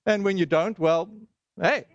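A man's voice: sits high, measured pace, dry recording, lo-fi sound. A man preaching a sermon, telling personal stories in a chatty, self-deprecating way with lots of fillers. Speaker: pastor.

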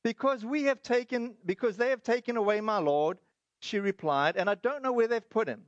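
Pastor, male, high voice, chatty sermon delivery with restarts, dry slightly dull recording. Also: normal speed, no room sound. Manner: conversational, with frequent fillers and restarts.

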